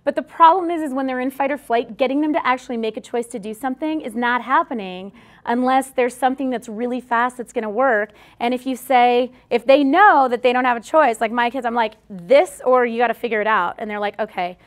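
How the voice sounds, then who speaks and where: Woman presenter, slightly high voice, direct and conversational, keeps asking "okay?". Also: fairly quick. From Australia. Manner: direct, chatty, often checks in with "okay?". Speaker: speaker at a workshop. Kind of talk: live talk to an audience.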